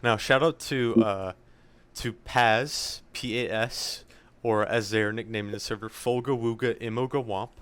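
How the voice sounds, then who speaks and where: A man's voice: fairly low pitch, fairly even intonation, unhurried, a bit bright, smooth. A young man co-hosting a podcast, giving rambling, jokey thank-yous to listeners. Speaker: podcast co-host. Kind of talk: casual chat, listener shout-outs.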